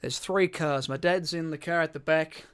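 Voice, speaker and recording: Bright-voiced Australian man telling a rambling story. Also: on the high side, moderate pace, clear, resonant tone. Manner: rambling, repeats words, swears casually. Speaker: podcast co-host. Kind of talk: casual chat, telling a story.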